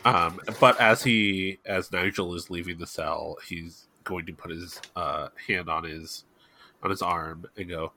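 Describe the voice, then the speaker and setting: A man's voice: sits low, unhurried, bright, forceful tone, slight background noise. A man playing a flamboyant, affectionate character in a tabletop game. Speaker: player.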